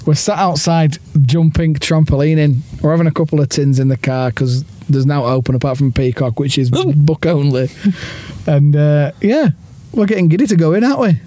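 A man's voice: on the high side, normal speed, dark tone. A man chatting in a parked car outside a football ground, teasing his friend and laughing often. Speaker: podcast co-host. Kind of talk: casual matchday chat.

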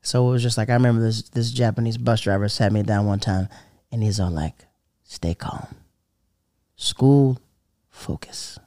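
A man's voice: lowish voice, little pitch movement, fast talker, warm tone, dry recording, studio quality. A man who is a stand-up comedian, talking casually and rambling with lots of "like" fillers as he acts out the people in his stories. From American South. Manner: rambling, loaded with "like", acts out quoted voices. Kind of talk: casual storytelling chat.

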